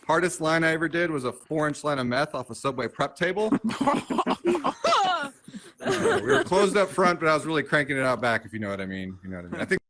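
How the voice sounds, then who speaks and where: A man in his thirties works a comedy club stage, his voice bright and a little high for a man. His pitch swings widely as he tosses off dry, self-mocking jokes and quick asides to the crowd. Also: very animated, low-quality recording. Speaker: stand-up comedian hosting the show. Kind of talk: stand-up comedy set.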